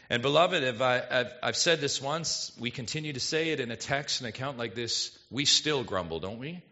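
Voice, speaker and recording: Male pastor preaching, lively swinging pitch, bright voice, dull lo-fi recording. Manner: animated, asks rhetorical questions to the congregation. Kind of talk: expository sermon.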